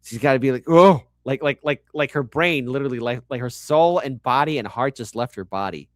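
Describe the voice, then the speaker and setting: Animated sarcastic commentary host, dry close mic. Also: male voice, mid-range voice, brisk, dry recording. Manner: animated, sarcastic, swearing, many fillers. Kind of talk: reaction commentary.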